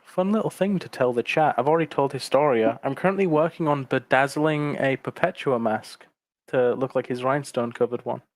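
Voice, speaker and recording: A man's voice: mid-range voice, brisk, no room sound, clean studio sound. A man co-hosting a fan livestream in casual, chatty talk, often self-deprecating.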